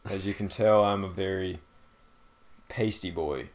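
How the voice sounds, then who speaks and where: A man's voice: low-pitched, measured pace. A young man co-hosting a podcast, laid-back and self-mocking in casual chat. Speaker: podcast co-host.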